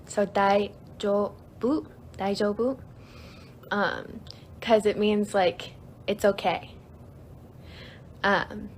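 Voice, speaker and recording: A woman's voice: mid-range voice, slight background noise. A young woman hosting a casual livestream, chatty and giggly, reading out viewer comments while she teaches a few easy phrases. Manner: giggly, chatty, lots of fillers; reads comments aloud. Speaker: livestream host.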